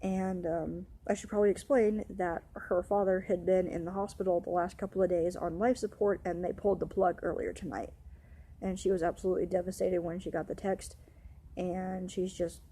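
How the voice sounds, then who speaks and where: Young woman, upset vlog ranter, husky and mellow, rapid swearing run-ons. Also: fairly low pitch, steady tone. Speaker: vlogger. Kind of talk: ranting storytime vlog.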